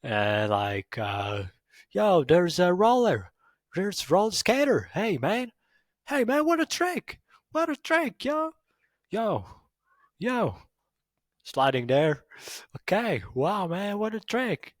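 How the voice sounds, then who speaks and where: A man putting on a laid-back, excitable male surfer and skater with drawn-out, high-pitched exclamations. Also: no room sound, clean studio sound. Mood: stoked.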